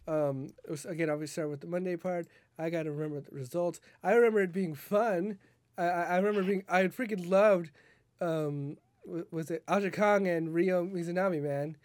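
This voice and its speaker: A man's voice: high-pitched, steady tone, fairly quick, a little mellow, no room sound. Dry-sounding man podcast co-host. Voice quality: stammering, laughs often. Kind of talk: casual chat.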